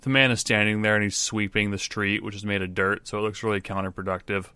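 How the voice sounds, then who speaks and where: A man as game master, narrating a tabletop game in slow descriptive turns. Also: on the low side, flat delivery, bright, forceful tone, smooth, no room sound.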